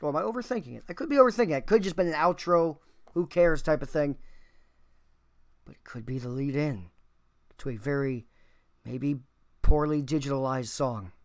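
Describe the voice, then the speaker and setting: A man's voice: a little high, normal speed, pauses often. A man hosting a music reaction video, talking casually and enthusiastically, thinking aloud and swearing now and then.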